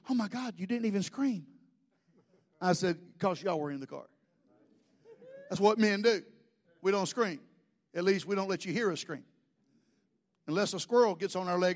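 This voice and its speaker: A man in his fifties, a pastor preaching an animated sermon full of rhetorical questions. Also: high-pitched.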